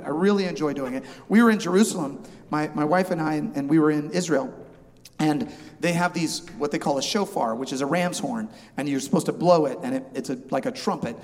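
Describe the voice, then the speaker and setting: Pastor with a hall's long echo. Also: male voice, a little high. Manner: animated, acts out both sides of a haggle. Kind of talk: humorous storytelling sermon.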